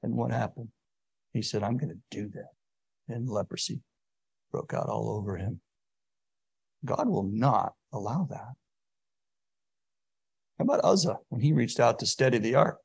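A man preaching a sermon, swinging from hushed, drawn-out words to sudden booming emphasis. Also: gravelly, slightly rough.

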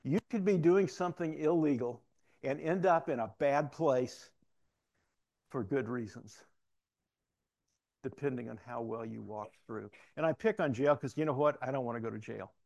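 A man's voice: medium pitch, moderate pace, vocal fry, darkish tone. Folksy storytelling man preaching. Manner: conversational, folksy storytelling, acts out dialogue. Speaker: former sheriff giving a church talk. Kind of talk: sermon with storytelling.

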